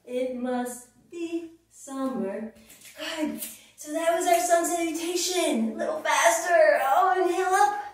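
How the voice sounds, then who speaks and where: A woman's voice: extremely high pitch, unhurried. A woman teaching a children's yoga class, leading it with playful sing-song chants. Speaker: kids yoga instructor. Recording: echoey room from far off.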